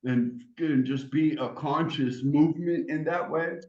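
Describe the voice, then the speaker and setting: A man's voice: on the high side, fairly even intonation, measured pace. Laid-back man in a roomy space. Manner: laid-back, keeps saying dude and bro. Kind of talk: casual chat. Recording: roomy, lo-fi sound.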